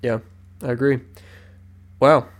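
A man co-hosting a casual podcast, talking in a relaxed, rambling way with lots of filler words. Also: mid-range voice, takes it slowly. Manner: laid-back, rambling, full of "um" fillers. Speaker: podcast co-host.

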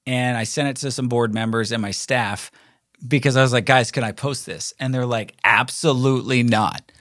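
Middle-aged guy rambling thru a story, lots of likes and ums, does little voices for people, mid pitch, dry close sound. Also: fairly even intonation, moderate pace, fairly bright tone, no room sound. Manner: rambling, filler-heavy, acts out quoted voices. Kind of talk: casual anecdotal storytelling.

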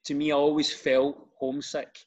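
A middle-aged comedian and radio presenter with a Glasgow accent, chatting easily in a podcast interview and telling self-deprecating stories. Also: male voice, fairly high pitch, little pitch movement, moderate pace, lo-fi sound. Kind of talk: casual podcast chat.

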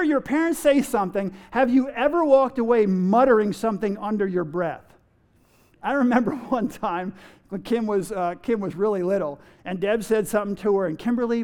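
A man with a high voice and a darkish tone preaches a sermon, firing rhetorical questions at his audience. He is playful, acting out everyday remarks and chuckling along the way.

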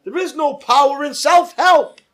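A man leading a Bible study as pastor, reading scripture aloud with emphatic rises and dropping to quiet asides. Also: very high-pitched, measured pace.

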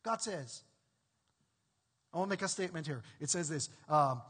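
A male pastor preaching a sermon, animated and emphatic, with rising bursts of intensity. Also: on the high side, moderate pace, long pauses, husky. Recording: echoey hall with long reverb.

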